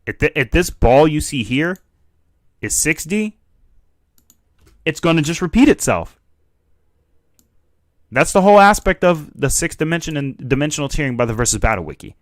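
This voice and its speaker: A man's voice: on the high side, moderate pace, pauses often, no room sound, studio quality. A young man giving casual, joking live commentary as a streamer reacting to a video. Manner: animated and joking.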